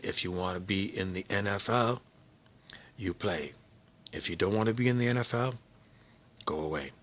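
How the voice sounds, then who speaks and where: A man's voice: sits low, sharp tone, breathy edge, exaggerated voice. A man acting out an aching, defiant male pro football player who pleads in a strained voice and drops to a whisper.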